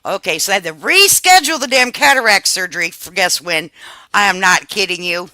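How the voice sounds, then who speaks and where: Bright-voiced woman chatting loosely on stream. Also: mid-range voice, brisk, no echo. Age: 50s. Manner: animated, swears freely, confides to chat. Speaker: live stream host. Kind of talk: casual live-stream chat.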